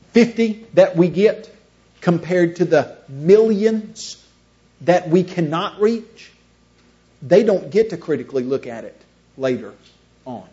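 A man's voice: fairly high pitch, warm tone. A man giving a seminar talk, full of rhetorical questions and acted-out dialogues. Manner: storytelling, acts out both sides of imagined dialogues. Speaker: creationist seminar speaker. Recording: dull lo-fi recording.

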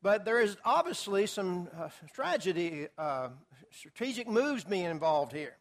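A man's voice: high voice, very animated, measured pace. A man teaching a Bible study class to a group, talking casually with filler words and acting out quotes. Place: classroom or church hall with a group.

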